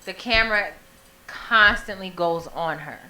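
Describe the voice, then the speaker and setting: A woman's voice: mid-range voice, unhurried, sharp tone, reverberant, poor audio. A woman hosting a casual radio talk show, playful and slangy, teasing her co-hosts.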